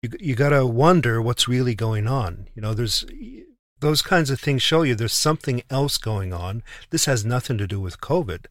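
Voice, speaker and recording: A man recounts a journey in an indignant, casual way, often doubling and restarting his words. His voice sits at an ordinary middle pitch. The recording is close and dry. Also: expressive, normal speed, no room sound. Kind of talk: casual storytelling.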